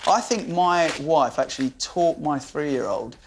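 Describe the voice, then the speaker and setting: A man's voice: on the high side, unhurried, background noise. A man in his thirties hosting a TV talk show, jokey and chatty, teasing his guest and trailing the next segment. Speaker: TV show host. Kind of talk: live talk show presenting. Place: TV studio.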